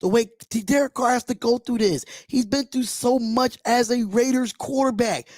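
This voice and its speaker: Very high-pitched and barely pausing, the livestream host moves at a moderate pace through his fan reaction, swearing freely and speaking with blunt passion. The sound is clean, studio-grade and echo-free.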